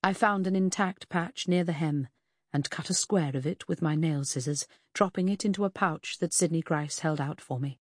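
Measured woman reading a dark mystery. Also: low-pitched, husky, dry recording, clean studio sound. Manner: measured, slowing on grim details. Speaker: audiobook narrator. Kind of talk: scripted first-person narration.

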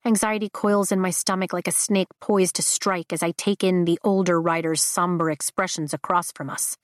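A woman reads a story in the first person, steady and measured. Her voice sits on the lower side, close to the mic in a completely dry recording. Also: no room sound. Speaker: audiobook narrator. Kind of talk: first-person scripted narration.

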